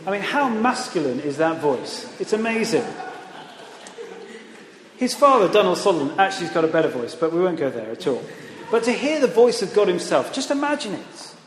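A man preaching a sermon in a church, animated, with conversational asides and rising emphasis. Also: sits high, fairly quick. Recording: echoey hall, long reverb.

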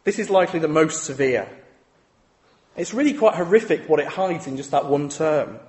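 A man's voice: fairly high pitch, moderate pace, darkish tone. A man preaching a sermon in a conversational way, often asking rhetorical questions.

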